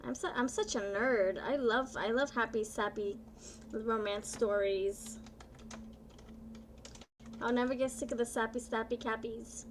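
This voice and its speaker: A woman chats with her viewers while reading tarot on a live stream, excitable and playful, stretching her words out. Her voice sits high and she takes her time. A clear bed of background noise runs under her voice. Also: unhurried, pauses often. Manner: bubbly, playful, excitable, often laughing and drawing words out.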